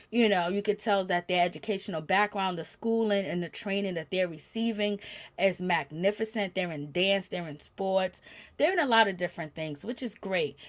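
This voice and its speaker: A woman giving a chatty, gossipy recap of a reality show, growing animated when she quotes the people in it. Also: mid-range voice. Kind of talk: casual recap commentary.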